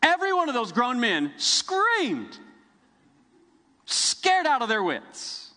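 A middle-aged man preaching a sermon, telling the story vividly with dramatic pauses. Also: very high-pitched, wildly swooping pitch, bright, forceful tone, in a large hall. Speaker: pastor. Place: church sanctuary.

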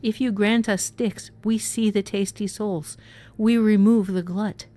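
A woman voicing a huge three-headed underworld hound that speaks loudly and menacingly, in a story reading. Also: medium pitch, fairly even intonation, a little slow, pitched above the performer's own voice, lightly acted. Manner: loud, menacing.

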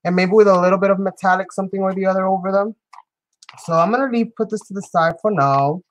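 A woman's voice: mid-range voice, fast, poor audio. Playful chatty woman crafting live. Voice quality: playful, giggly, chatty with the viewers. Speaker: crafting channel host. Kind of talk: live crafting demonstration chat.

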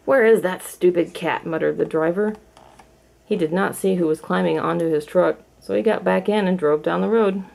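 A woman reading a children's storybook aloud in a clear, measured storytelling manner. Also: fairly low pitch, fairly even intonation, darkish tone. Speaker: storybook reader. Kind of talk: storybook read-aloud for kids.

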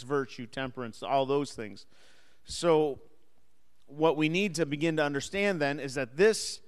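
A man with a smooth, resonant, somewhat high voice leads a Bible class in a church hall. He teaches in a relaxed, conversational way and keeps asking the room questions. His voice carries a long reverb from the hall. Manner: engages the class with questions and light humor. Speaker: Sunday school teacher.

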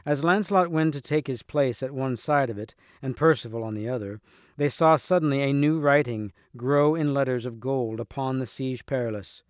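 A man's voice: mid-range voice, normal speed, dry recording, studio quality. Man reading a storybook aloud. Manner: steady, clear narration with occasional restarts. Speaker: reader.

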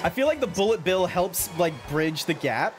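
A playful man chats casually while racing in a game stream, his voice swinging lively up and down. Music plays clearly behind him. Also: sits high, normal speed. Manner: playful, giggly, swears casually. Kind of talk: casual chat while gaming.

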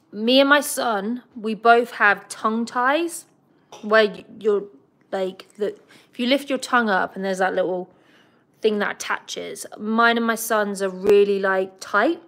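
A woman's voice: on the high side, fairly bright tone. A young woman hosting a casual livestream about her pet bird, chatting and giggling as she talks to the bird and the viewers. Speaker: pet bird channel host.

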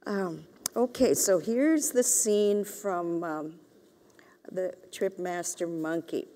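Slow-spoken woman author in a hall. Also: fairly low pitch, warm tone. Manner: hesitant, many fillers. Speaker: author giving a lecture. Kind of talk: lecture with a reading from her novel. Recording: reverberant lecture hall.

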